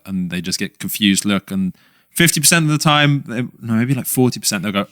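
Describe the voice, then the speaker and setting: A man's voice: fairly low pitch, animated, a little fast, a bit bright, dry recording, studio quality. A young adult man with an English accent, a podcast guest telling self-mocking stories in casual chat. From England. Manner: anecdotal, self-mocking storytelling.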